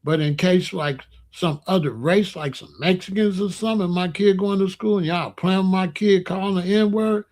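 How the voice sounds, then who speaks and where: A man's voice: moderate pace, hardly any pauses, a little mellow. Streetwise man telling a story. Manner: loose, streetwise, drops into low murmurs. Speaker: storyteller host. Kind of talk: casual storytelling.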